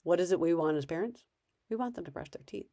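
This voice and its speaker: A woman's voice: on the low side, animated, fast, mellow, no echo, clean studio sound. A woman parenting coach giving casual advice in a conversational way, acting out bits of parent and child dialogue.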